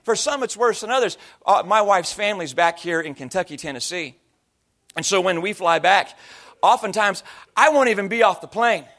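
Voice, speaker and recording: A man's voice: high voice, lively intonation, moderate pace, pushed and bright. A male pastor in his thirties or forties preaching a sermon in a conversational storytelling way, often slipping into voices and accents he imitates.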